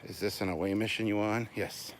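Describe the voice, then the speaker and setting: Male host, very low voice, winded from walking, chatty live-stream banter outdoors, faint background noise. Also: fairly even intonation, brisk. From Canada. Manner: chatty, self-deprecating, answers viewer questions. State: out of breath. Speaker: channel host. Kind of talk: casual live-stream chat while walking. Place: outdoors at night, on a walk.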